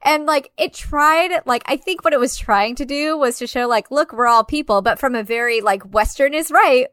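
A woman's voice: high voice, normal speed, fairly bright tone, dry recording, clean studio sound. A young woman co-hosting a casual film review chat, talking in a sarcastic, profane way with many filler "like"s.

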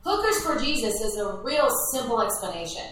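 A woman from Minnesota, a ministry founder, telling her story in an animated, emphatic way with repetitions. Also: a little high, fairly quick. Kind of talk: conversational interview. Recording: echoey, distant from mic.

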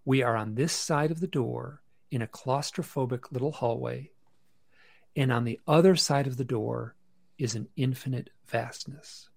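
A man as a podcast guest on a video call from his bedroom, telling a story in a casual, halting way with many restarts and fillers. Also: mid-range voice, vocal fry, dry recording. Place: bedroom at home.

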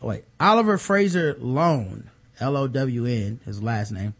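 A man co-hosting a podcast, reading news stories aloud with sarcastic, deadpan jokes. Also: mid-range voice, measured pace. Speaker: podcast co-host. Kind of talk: casual comedic news commentary.

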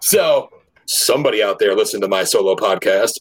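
A man's voice: lowish voice, fairly quick. A man hosting a casual podcast chat in a joking, loose way, swearing freely. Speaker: podcast host.

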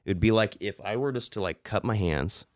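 A man co-hosting a podcast, telling a story in a casual, animated and profane way. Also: on the low side, brisk, no room sound, studio quality. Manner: animated, profane, mimics voices. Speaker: podcast co-host.

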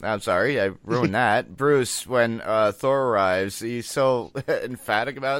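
A man's voice: mid-range voice, unhurried, few pauses, fairly bright tone, smooth, dry recording. A man in a casual chat who laughs often and shares his favorite lines.

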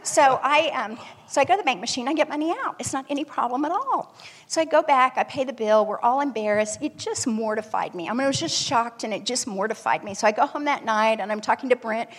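A woman with a fairly high, slightly husky voice tells a personal story to a gathered audience. She talks in an animated, lively way, and her voice rings with a long hall reverb. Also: fast. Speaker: speaker telling a personal story.

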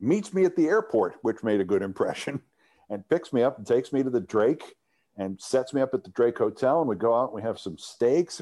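A middle-aged man tells an interview story in a fairly low, mellow voice. He talks in an animated way and often stumbles and restarts as he goes. He is a former sports TV host sitting as a guest. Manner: animated anecdote teller with frequent restarts.

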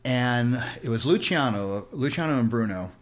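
A Los Angeles man in his sixties guests on a podcast at the host's house, spinning casual stories and doing the voices of the people in them. He speaks at a moderate pace with a medium-pitched, expressive voice.

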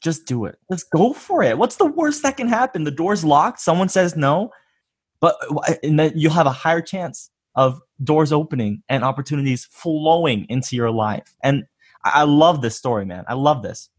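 A man hosting a podcast interview, giving upbeat motivational encouragement and quick affirmations. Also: a little high, lively intonation, slightly rough. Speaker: podcast host. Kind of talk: casual interview.

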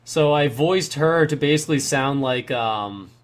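A man's voice: mid-range voice, a little slow. Young man telling a rambling story. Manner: rambling, self-correcting storyteller. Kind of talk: casual chat.

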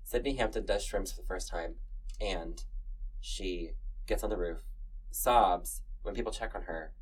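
A man's voice: deep voice, unhurried, husky, distant mic, poor audio. A man co-hosting a podcast, chatting casually with camp and dramatic flair. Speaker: podcast co-host. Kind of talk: casual chat.

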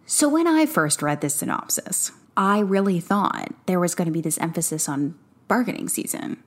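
A woman's voice: lowish voice, animated, moderate pace. A woman co-hosting a casual book discussion podcast, talking loosely with lots of fillers and restarts. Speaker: podcast co-host.

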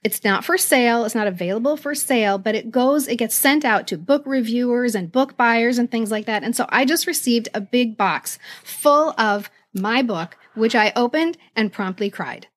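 A woman co-hosts a casual podcast, her voice sitting a little high. She talks with giddy excitement and laughs easily. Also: moderate pace, hardly any pauses. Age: adult, a mother. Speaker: podcast co-host and author. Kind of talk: casual chat.

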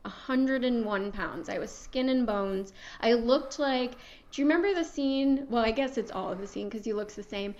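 A woman's voice: fairly high pitch, normal speed, darkish tone, lo-fi sound, slight background noise. A young adult woman speaking frankly and laughing often as a guest in a casual interview. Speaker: podcast guest.

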